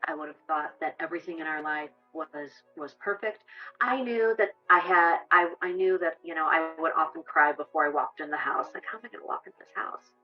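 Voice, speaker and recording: Low-voiced woman recalling her past, soft music. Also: brisk, muffled recording. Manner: earnest, hesitant, many fillers. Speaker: abuse survivor sharing her story. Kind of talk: documentary interview.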